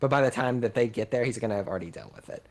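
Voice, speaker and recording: A man running a tabletop game as game master, relaxed and often pausing with ums. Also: mid-range voice. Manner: relaxed, hesitant with many ums.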